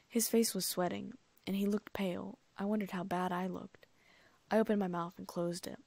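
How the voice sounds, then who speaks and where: Female audiobook reader, steady storytelling, slight vocal fry, close and dry. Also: mid-range voice, normal speed, no room sound. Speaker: audiobook narrator. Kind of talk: first-person fan fiction reading.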